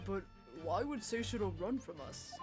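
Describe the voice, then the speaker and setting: A woman reading the lines of an earnest, flustered young male lawyer in slow, careful tones, voicing game dialogue aloud. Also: mid-range voice.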